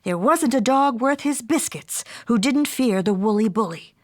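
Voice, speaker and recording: A woman author reading her own picture book aloud to children in a playful, expressive way. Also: fairly high pitch, normal speed. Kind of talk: storybook read-aloud.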